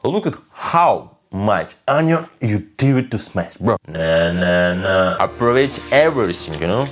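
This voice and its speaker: Playful chef with lively, lowish voice. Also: male voice, unhurried, soft background music. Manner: playful, boastful, non-native phrasing. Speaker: cooking vlogger. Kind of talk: casual kitchen demo.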